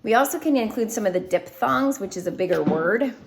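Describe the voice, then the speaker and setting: A woman's voice: mid-range voice, animated, a little fast, creaky, background noise. A woman teaching a phonics lesson, writing words and explaining each one step by step in a patient way.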